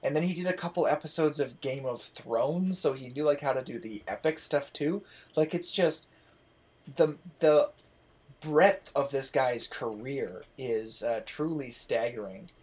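A man's voice: mid-range voice, unhurried, a little mellow. Enthusiastic rambling man on a podcast. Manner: enthusiastic, rambling, swears casually. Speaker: podcast host. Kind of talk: casual chat.

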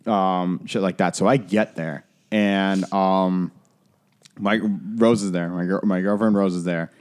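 Young guy, podcast co-host, lower voice, loose casual storyteller who swears and rambles with fillers. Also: steady tone, measured pace, a little mellow, smooth. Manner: rambling, profane, lots of fillers and "like".

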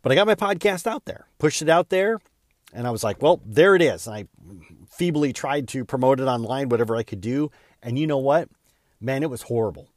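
A man's voice: medium pitch, expressive, a little fast, dry recording, clean studio sound. A man hosting his own podcast, telling a personal story in an earnest, candid way with small stumbles and repeats. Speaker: podcast host.

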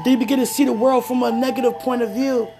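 A woman preaching and praying in a conversational sermon. She mixes personal stories with laughing asides and slows down for prayer. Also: fairly high pitch, level tone, music in the background.

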